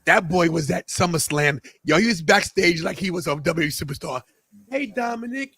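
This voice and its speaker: A young man hosting a live wrestling watch-along podcast, talking casually and reacting excitably. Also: fairly high pitch, fairly quick, creaky, husky, no echo. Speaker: podcast host.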